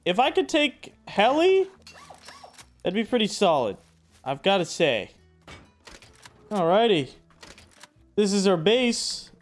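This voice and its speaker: A young man giving casual, excitable commentary over his own survival game playthrough, loose and slangy. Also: high-pitched, takes it slowly, long pauses. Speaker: gaming YouTuber. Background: background music.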